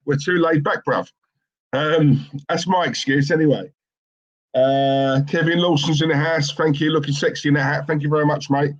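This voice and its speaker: A man's voice: a little high, steady tone, normal speed. Chatty man on a stream. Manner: chatty, laughs often, slangy banter. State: has a headache. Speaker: co-host of fan live stream. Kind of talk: casual fan chat reading live comments. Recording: dull lo-fi stream audio.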